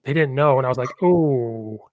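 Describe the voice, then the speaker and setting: A man's voice: mid-range voice, fairly quick, no room sound, highs cut off. A man hosts a casual coaching podcast and tells rambling stories with a lot of enthusiasm. His voice sits in an ordinary middle range for a man. The sound is close and dry, with almost no room around it. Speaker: podcast host, football coach.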